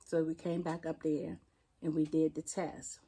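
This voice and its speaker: Mellow-voiced D.C. woman recounting her loss. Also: deep voice, level tone, husky. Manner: plainspoken, halting, retelling a painful loss. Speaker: interview guest, firefighter. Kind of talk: personal storytelling in an interview.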